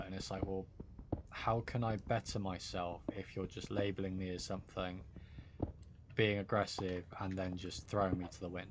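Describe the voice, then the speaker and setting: Low-voiced British man streaming a game. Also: little pitch movement, unhurried, background noise. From United Kingdom. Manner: rambling, reassuring, greets chatters by name. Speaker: livestreamer. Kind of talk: casual live-stream chat with viewers. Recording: music playing behind the voice.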